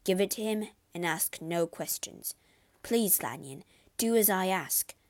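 A man's voice: high-pitched, expressive, unhurried. A woman voicing a shaken, frightened male doctor who speaks in a trembling voice, in a storybook reading. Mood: storytelling. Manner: trembling, fearful.

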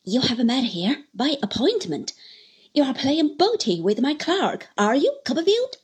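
A woman's voice: high voice, very animated, measured pace, slightly rough, full character voice. Woman voicing Uriah Heep, sneering and spiteful. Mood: threatening. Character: sly scheming male clerk, cornered and spiteful.

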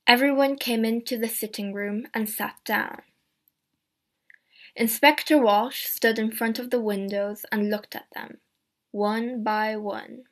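A woman narrates a simple graded story at an unhurried pace. Her voice sits slightly high, and she reads every word clearly and deliberately. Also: fairly even intonation, a bit bright. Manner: slow, clear, deliberate reading. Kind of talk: scripted narration of a graded reader.

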